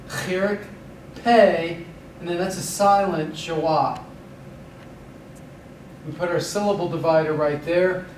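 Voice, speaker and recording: Male Hebrew teacher, slow and deliberate, recorded off-mic in an echoey room. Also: on the high side, recorded from a distance, slight background noise. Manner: slow, deliberate, spells out letters and syllables. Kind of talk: recorded vocabulary lesson.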